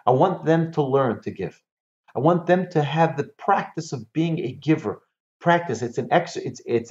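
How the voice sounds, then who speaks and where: Animated man teaching Torah, echoey room. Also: fairly high pitch. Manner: animated, repeats key phrases, asks rhetorical questions. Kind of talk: Torah lesson. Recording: echoey, slightly dull room recording.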